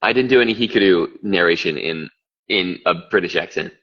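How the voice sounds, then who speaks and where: A man's voice: sits low, fairly quick. A young man, an audiobook narrator, chatting casually from a hotel kitchen over a video call and rambling with lots of fillers. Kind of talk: casual live chat. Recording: lo-fi livestream audio.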